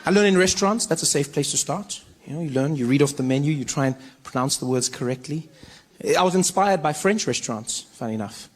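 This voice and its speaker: A man with a South African accent doing stand-up, telling animated stories and playing many voices. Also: on the high side, a little fast. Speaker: stand-up comedian. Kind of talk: stand-up comedy. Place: stage in front of a live audience. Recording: live stage recording with faint noise.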